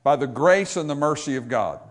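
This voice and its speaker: A man preaching a sermon to a church congregation, swinging between loud, raised exhortation and quiet, low asides, and often asking the people questions. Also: animated, a little fast. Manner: talks to the congregation with questions and calls. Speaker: pastor.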